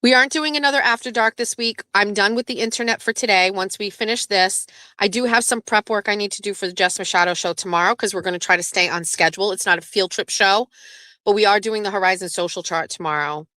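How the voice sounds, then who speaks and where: Bright-voiced chatty woman streamer. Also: medium pitch, fast, no room sound. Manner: chatty, swears freely, reads viewer messages aloud. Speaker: livestream host. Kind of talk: casual live-stream chat.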